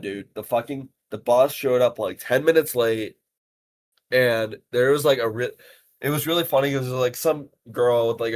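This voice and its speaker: A young man hosting a podcast, telling animated stories casually, swearing freely and using lots of fillers. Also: on the low side, a little hiss or hum. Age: young adult. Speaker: podcast host.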